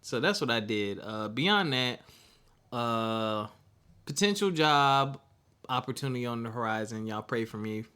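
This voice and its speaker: Relaxed low-voiced male podcast host. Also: normal speed, clean tone. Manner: relaxed, rambling, with frequent fillers. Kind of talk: casual chat.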